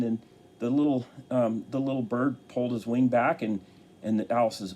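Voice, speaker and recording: An earnest man talks to camera, offering life encouragement in a halting way and restarting his sentences often. His voice is mellow and sits at a middle pitch. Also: steady tone, slight background noise. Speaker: motivational speaker. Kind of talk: motivational talk to camera.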